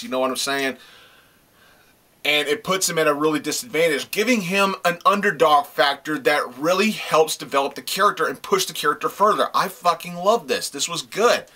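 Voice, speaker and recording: A man's voice: medium pitch, sharp tone. A man reviewing comic books in a casual video, gushing with praise and swearing freely as he talks. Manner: gushing praise, repeats himself.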